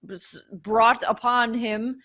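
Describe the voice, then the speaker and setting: Female sports podcast co-host, slightly high and bright, excitable casual chat. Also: takes it slowly.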